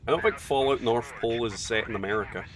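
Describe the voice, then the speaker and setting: A man's voice: medium pitch, quick pace, a crowd in the background. A man chatting casually and bluntly while streaming a game, reading out viewer messages, with some swearing. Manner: chatty, blunt and profane, reading chat aloud. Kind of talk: casual live-stream chat while gaming. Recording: distant mic with loud game noise.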